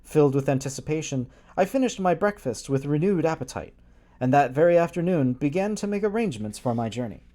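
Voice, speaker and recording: A man's voice: on the high side, animated, a little fast, warm tone. A man reading a gothic novella aloud on a livestream, playful and prone to swearing asides and giggling breaks. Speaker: reader streaming a book reading.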